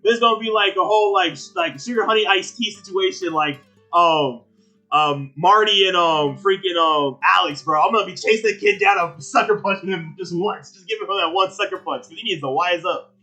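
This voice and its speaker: A man's voice: high-pitched, brisk, bright, forceful tone, soft background music, low-quality recording. A young man co-hosting a casual anime review podcast, rambling along in slang full of "like" and "bro". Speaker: podcast co-host.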